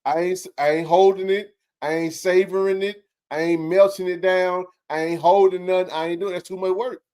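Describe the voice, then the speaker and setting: A man hosting a casual sports talk show, joking and bantering in slangy, animated talk. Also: sits high, moderate pace, smooth.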